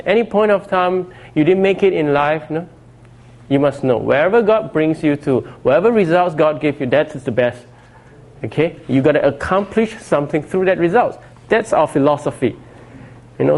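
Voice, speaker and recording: A middle-aged pastor delivers a conversational sermon, frequently dropping "you know" and "okay" to his congregation. His voice sits on the high side and sounds a little mellow.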